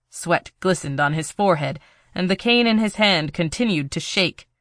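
A narrator reading a tense thriller audiobook in a steady storytelling voice, recorded on a close mic. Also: mid-range voice, no room sound.

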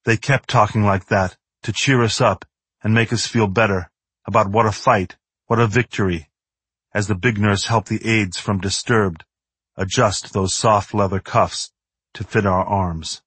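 Male audiobook narrator, low voice, dry close sound, measured and understated. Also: steady tone, fairly bright tone, husky, dry recording. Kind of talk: first-person novel narration.

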